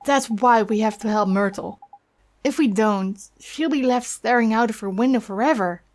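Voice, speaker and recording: A woman's voice: fairly high pitch, moderate pace, close to an everyday voice. A woman reading aloud as an earnest, determined young boy hero in a game. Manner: earnest, heartfelt.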